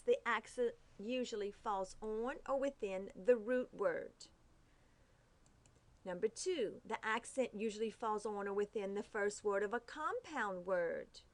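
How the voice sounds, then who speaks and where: A woman teaching phonics rules, reading each rule slowly and carefully, sounding out the letters. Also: on the high side. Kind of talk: phonics lesson.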